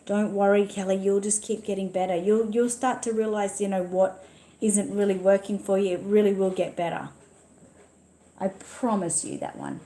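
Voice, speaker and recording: A chatty Australian woman hosts a casual livestream from her computer, reading viewer comments aloud as she goes. Her voice sits at an ordinary middle pitch, and the room gives it a noticeable echo. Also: lively intonation, normal speed, dark tone. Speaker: livestream host.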